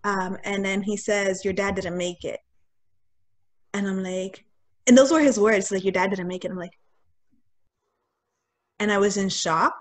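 A woman's voice: mid-range voice, normal speed, pauses often. Young woman telling a candid personal story. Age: young adult. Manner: candid and animated, acting out quoted lines. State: getting choked up. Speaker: guest sharing a personal story. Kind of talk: casual storytelling.

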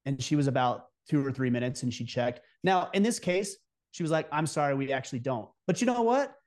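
A man's voice: fairly high pitch, a little fast, darkish tone. A man speaking as a guest on a podcast, giving direct, emphatic advice in casual interview talk.

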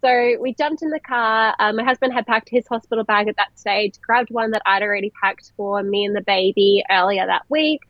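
A young woman telling a personal story in a chatty, animated way, laughing often and using many "like" fillers. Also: medium pitch, moderate pace, hardly any pauses, no echo. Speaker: vlogger telling her birth story. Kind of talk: casual storytelling. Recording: dull lo-fi, dry sound.

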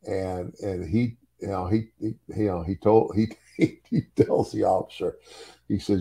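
A man's voice: sits low, fairly even intonation, a little slow, gravelly, dark tone, slightly rough. An older man and former wrestler telling a story in casual chat, chuckling often and repeating words as he goes.

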